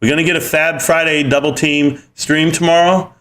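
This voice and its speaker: A man in his thirties hosting a casual live stream, rambling through viewer comments with many fillers and getting higher when excited. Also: moderate pace.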